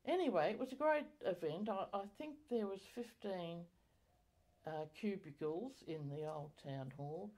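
An older woman recalling her community life in an oral history interview, halting with many fillers and self-corrections. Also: on the low side, animated, a little mellow.

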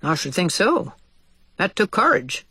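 A courteous old gentleman mouse from a storybook, read by a woman, measured and kindly. The voice is husky and full of lively pitch swings. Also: no room sound, full character voice. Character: kindly older male white mouse, limping.

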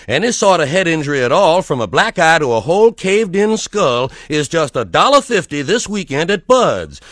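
Guy doing a down-home pitchman in a fake ad, lively and dry sounding. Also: no echo. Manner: folksy sales pitch. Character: folksy clinic owner in a mock ad, man.

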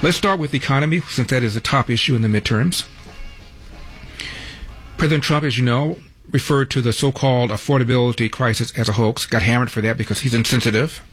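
A man's voice: mid-range voice, a little fast, fairly bright tone, soft background music. A man hosting a talk radio show, delivering news headlines with wry, sardonic asides. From Los Angeles.

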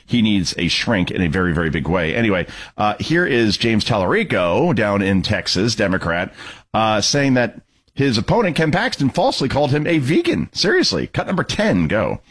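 Husky sarcastic male talk radio host. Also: on the low side, very animated, moderate pace. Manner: mocking, sarcastic, emphatic. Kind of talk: political talk radio commentary.

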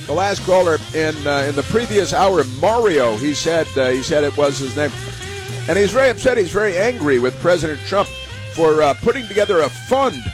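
A man's voice: on the high side, expressive, a little fast, over music. A man hosting a political talk radio show, rambling and emphatic, full of fillers and restarts. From United States. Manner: emphatic, opinionated. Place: radio studio.

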